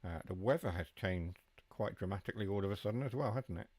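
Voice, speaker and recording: Low, dry-sounding male streamer, easygoing live commentary that drifts into replies to the chat. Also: quick pace, darkish tone, no echo. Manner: chatty, answers chat while driving. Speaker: game streamer.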